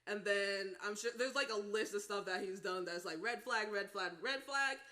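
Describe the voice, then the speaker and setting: A woman chatting casually on a podcast, her voice very bright and ringing. She tells her story in an animated, loose way, laughing often and swearing freely. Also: mid-range voice, normal speed. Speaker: podcast co-host.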